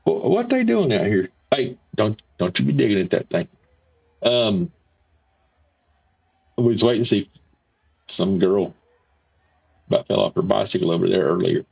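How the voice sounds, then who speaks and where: Male stream host, husky voice, dull lo-fi audio, rambling and repetitive. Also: sits low, moderate pace, pauses often, darkish tone. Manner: rambling, folksy, repeats himself. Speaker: livestream host. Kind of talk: casual livestream chat reading viewer comments.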